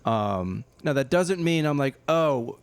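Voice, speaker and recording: A man, a DJ guest on a podcast, talking in a relaxed, rambling, self-deprecating way. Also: medium pitch, normal speed, dry recording. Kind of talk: casual podcast chat.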